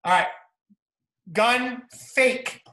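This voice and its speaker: High-voiced New Jersey football coach. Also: male voice, very slow. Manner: energetic, repetitive coaching talk. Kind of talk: clinic talk narrating game film. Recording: roomy echo.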